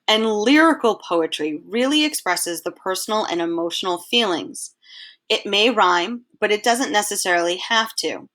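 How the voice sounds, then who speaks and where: A woman teacher giving a recorded slideshow lesson, explaining each point patiently and reading verse aloud slowly. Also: medium pitch, lively intonation, a bit bright. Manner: clear, patient explaining, reads poem lines aloud in a slow measured way.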